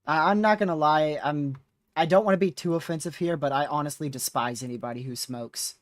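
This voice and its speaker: A man's voice: fairly high pitch, fairly quick, no room sound. A man hosting a live severe-weather stream, talking casually with viewers while reading radar, his voice starting to wear out. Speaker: livestream host.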